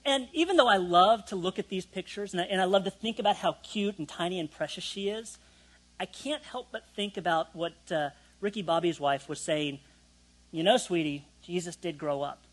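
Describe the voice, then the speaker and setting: A man's voice: high-pitched, fairly quick, fairly bright tone, rough recording. A young man preaching a sermon in a conversational way, with self-deprecating asides to the congregation. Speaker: pastor.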